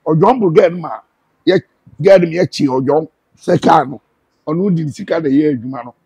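A man with a Ghanaian accent tells his story as an interview guest, slipping into the voices of the people he quotes. His voice sits a little high for a man, with a gravelly, rough, breathy edge. The sound is dry and close, with no room around it. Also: a little fast, dry recording. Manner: animated, quotes others in dialogue. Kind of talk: casual storytelling.

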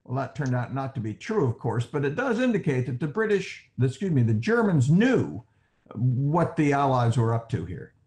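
A man's voice: medium pitch, sing-song, moderate pace, a little mellow. A man speaking as a historian on a panel, explaining with animation. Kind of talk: panel discussion.

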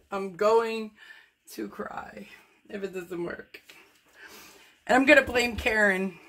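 A woman painter demonstrates fluid art, joking and self-deprecating as she talks through each step while working. Her voice is medium in pitch with a fairly bright tone.

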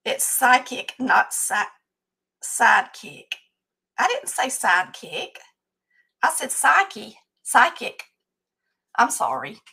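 Chatty Southern woman, bright voice. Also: fairly high pitch, huge pitch swings, slow pace, gravelly, breathy edge. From Southern United States. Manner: chatty, rambling, folksy with frequent fillers. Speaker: host. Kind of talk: casual live chat to viewers.

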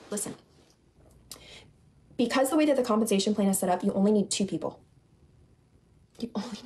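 A young woman recruiter giving an emphatic, repetitive sales pitch to her team, often calling them "you guys". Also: a little mellow. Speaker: network marketing recruiter.

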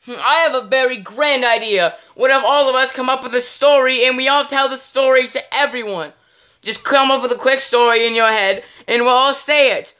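A man's voice: very high-pitched, moderate pace, pushed and bright, smooth. A man playing a sophisticated, polite grown man in a fan-made skit, speaking formally and properly. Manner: formal, well-spoken.

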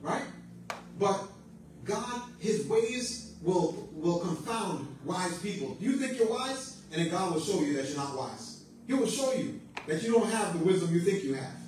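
A man's voice: high voice, sing-song, measured pace, darkish tone, a little hiss or hum. A man preaching a sermon in a church, urging his listeners on with repeated phrases and call-and-response amens. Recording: very echoey room, mic at a distance.

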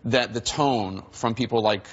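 A man hosting a televised news panel, putting measured questions to his guests. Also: mid-range voice, husky. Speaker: news host moderating a panel. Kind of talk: broadcast panel discussion. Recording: dull lo-fi broadcast audio.

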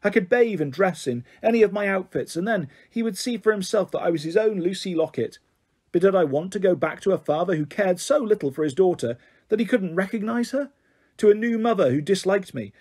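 A man reads a children's novel aloud, expressive and steady. His voice is notably high for a man and husky in grain. It carries the tone of a bedtime story reading. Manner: expressive read-aloud narration.

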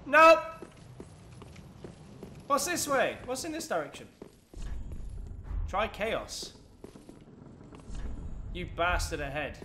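A man's voice: sits high, huge pitch swings, slow, pauses often, pushed and bright, slight background noise. A man commenting on his own gameplay, panicky, yelping and swearing as he plays. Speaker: gaming channel host. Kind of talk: let's play commentary. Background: game music.

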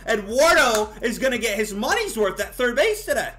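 A man commentating his own baseball video game, excitable and exasperated, shouting at his players. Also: extremely high pitch, moderate pace, faint music behind. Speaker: gaming YouTuber. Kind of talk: live gameplay commentary.

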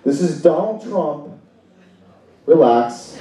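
Stand-up comic guy, spanish is his first language, voice swings all over, mic far off in a loud echoey club with the crowd going. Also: measured pace, long pauses, very noisy. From Salvadoran and Brazilian family. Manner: animated, jumps into high put-on voices for bits. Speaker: stand-up comedian. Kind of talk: stand-up comedy set. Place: comedy club stage. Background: laughing audience.

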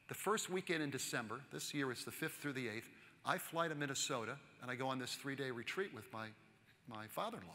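Lively man telling stories on a conference stage. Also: fairly high pitch. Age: 60s. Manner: lively, chatty, asks the audience questions. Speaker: keynote speaker. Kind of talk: storytelling keynote talk. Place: large conference hall. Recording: long hall reverb.

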